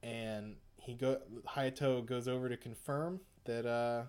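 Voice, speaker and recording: A man in casual chat walks through a story with loose, rambling narration. He swears freely and breaks into laughs along the way. His pitch sits in the middle for a man. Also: fairly even intonation, a little slow, a little mellow, smooth. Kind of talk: casual chat, retelling an anime episode.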